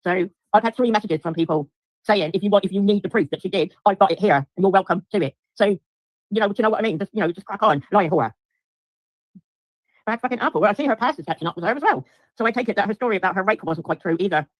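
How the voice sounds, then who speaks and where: A woman's voice: medium pitch, expressive, quick pace, dry recording. Middle-aged woman, livestream ranter, foul-mouthed and repetitive, dry close sound. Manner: swears heavily, repeats herself, addresses chat viewers. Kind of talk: angry livestream rant to viewers.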